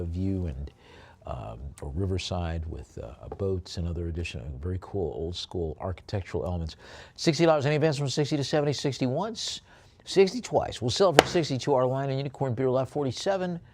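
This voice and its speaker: A man's voice: mid-range voice, darkish tone. A man working as an auctioneer, calling bids and describing artwork lots, with chatty, jokey asides between calls. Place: auction room.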